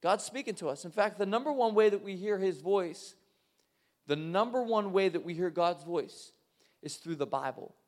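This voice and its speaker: High-voiced young male preacher. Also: normal speed. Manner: lively, joking and conversational with the congregation. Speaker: pastor. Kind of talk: sermon.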